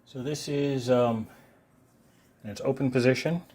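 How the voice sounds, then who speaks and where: A man casually reviewing a multitool on camera, talking in a relaxed, meandering way with frequent ums and uhs while he handles it. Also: mid-range voice, measured pace, breathy edge. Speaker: gear reviewer. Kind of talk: unscripted product review. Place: filming himself while handling the tool.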